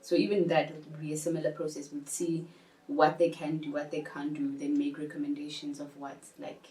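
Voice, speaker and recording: Woman in her 20s, podcast guest, low voice, thoughtful explainer, distant echoey room. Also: flat delivery, brisk, mellow. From South Africa. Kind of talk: casual chat. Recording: roomy, distant mic, faint ambience.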